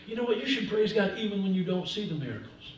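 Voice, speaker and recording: High-pitched male pastor, older, lively sermon, roomy church sound, far from the mic. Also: fast talker. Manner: animated preaching with humor, swinging from soft asides to loud emphasis. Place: church sanctuary. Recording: echoey church from a distance.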